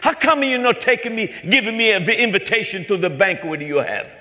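A comedian voicing a befuddled older man who speaks in slow, halting broken English and plays dumb. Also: sits high, expressive, bright, forceful tone, in a large hall, pitched above the performer's own voice, exaggerated voice. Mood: playing dumb.

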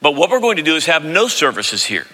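Man in his fifties, pastor, sermon, very bright voice, long hall reverb. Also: on the high side, fast. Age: 50s. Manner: animated storytelling, mimics voices loudly. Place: large church sanctuary.

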